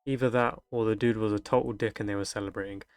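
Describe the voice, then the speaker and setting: A young streamer with a fairly low, clean-toned voice reads delivery-driver stories from the internet at a quick pace and fairly even intonation. He interrupts himself with crude, comedic reactions.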